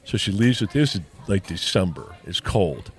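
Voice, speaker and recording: Low-voiced man telling a story. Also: normal speed, breathy edge. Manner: animated storyteller acting out quoted dialogue. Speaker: podcast co-host. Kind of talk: casual storytelling chat.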